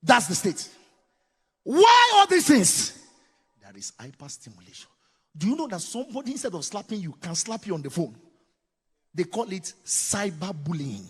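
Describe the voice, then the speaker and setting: A man with a Nigerian accent giving a preaching-style talk on parenting, swinging from loud exclamations to low asides. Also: breathy edge. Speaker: parenting speaker. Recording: long hall reverb.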